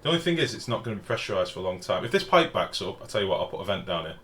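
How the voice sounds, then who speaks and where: A man's voice: low voice, big pitch swings, rapid-fire, fairly bright tone. A man chatting casually as he streams a game, answering viewers and swearing now and then. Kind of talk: casual live-stream commentary. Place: home room with the window open. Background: faint outdoor street noise.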